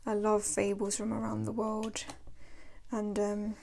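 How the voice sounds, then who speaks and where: A woman's voice: medium pitch, completely flat delivery, measured pace, gravelly, dark tone. A woman chatting casually as a tarot vlogger, rambling and laughing as she shows her decks. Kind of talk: casual show-and-tell chat. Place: home.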